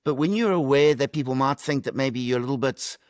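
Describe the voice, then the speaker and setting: A man's voice: medium pitch, a little fast, dry recording, studio quality. A middle-aged man, a podcast guest answering reflectively with light humor over a video call. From South Africa. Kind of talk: conversational interview answers.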